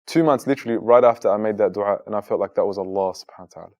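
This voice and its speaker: A man's voice: on the low side, racing, a little mellow. A man in his thirties, a guest in an interview, telling his personal story in an earnest, conversational way with lots of casual fillers. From Australia. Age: 30s.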